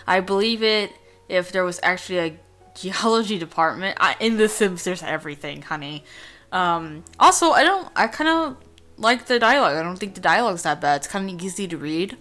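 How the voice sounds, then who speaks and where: Lowish bright-voiced woman rambling over a game at home, faint game music behind. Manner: rambling, chatty, reads game text aloud. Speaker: let's play host. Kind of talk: casual gameplay commentary. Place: home room.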